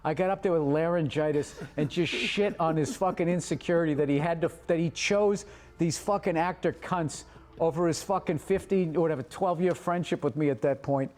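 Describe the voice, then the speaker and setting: A man's voice: fairly high pitch, fairly quick, a little mellow. A man, a comedian, telling rambling, profane anecdotes in a casual chat. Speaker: comedian, podcast co-host.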